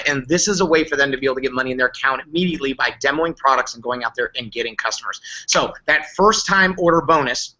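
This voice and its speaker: A man giving an upbeat business presentation, excited and repetitive, his voice worn and going hoarse. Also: on the high side, lo-fi sound. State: losing his voice. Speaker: company leader on a recap call.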